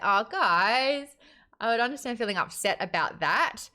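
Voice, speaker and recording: A woman hosting a casual live-streamed book club, talking bluntly, swearing freely and ranting in an animated way. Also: on the high side, moderate pace, soft background music. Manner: animated, acts out quotes.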